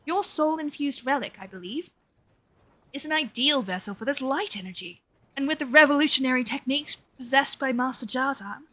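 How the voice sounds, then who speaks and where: A woman voicing an excitable, tactless young male scholar who speaks in formal, old-fashioned phrases. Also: sits high, a little fast. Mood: eager.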